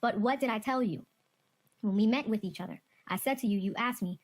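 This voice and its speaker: Woman prosecutor in court, firm and insistent, keeps repeating herself, voice on the higher side. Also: quick pace. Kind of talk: courtroom exchange with a witness.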